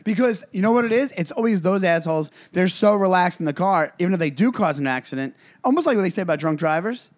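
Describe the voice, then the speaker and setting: A man's voice: high voice, expressive, quick pace, few pauses. A man co-hosting a podcast in casual chat, telling rambling stories full of fillers like "uh" and "like.". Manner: rambling, filler-heavy storytelling. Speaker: podcast co-host.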